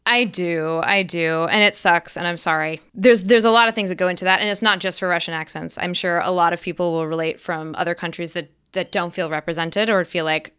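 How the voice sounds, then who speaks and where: A woman's voice: on the low side, steady tone, brisk, few pauses, fairly bright tone, smooth. A woman actress talking as an interview guest in casual, enthusiastic, emphatic chat. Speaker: guest actress and accent coach.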